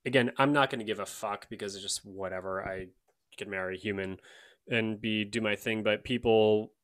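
A man in his late twenties co-hosting a casual podcast chat, speaking haltingly with many restarts and casual swearing. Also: lowish voice, steady tone, a bit bright. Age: late 20s. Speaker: podcast co-host.

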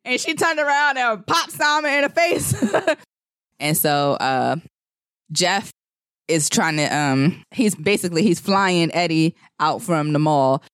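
A man's voice: high-pitched, measured pace, a bit bright, smooth, dry recording. Guy retelling a movie on a podcast, rambly, acts out the lines, dry mic. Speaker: podcast co-host. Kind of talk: casual movie recap.

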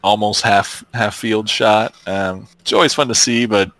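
A laid-back man with a fairly low voice talks football on a podcast, often pausing on ums. His voice sounds close and dry, with no room around it. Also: fairly even intonation, fairly bright tone, no room sound. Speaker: podcast co-host. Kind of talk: casual sports chat.

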